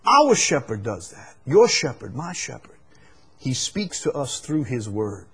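Very animated, a husky-voiced pastor keeps a measured pace while preaching to his congregation. His delivery rises to loud, forceful peaks, sinks into soft passages, and includes rhetorical questions for the listeners.

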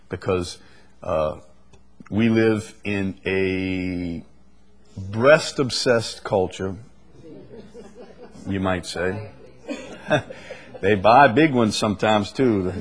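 Male preacher, husky, unhurried sermon delivery, leans hard on key words. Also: fairly low pitch. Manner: slow, drawn-out delivery with bursts of emphasis. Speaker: pastor.

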